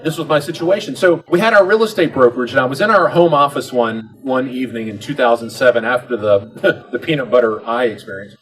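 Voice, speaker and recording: Faint music sits behind this mid-range, fairly quick male voice on a rough recording. A middle-aged convention speaker in a convention hall, he gives a motivational talk, telling humorous stories and animatedly acting out the dialogue.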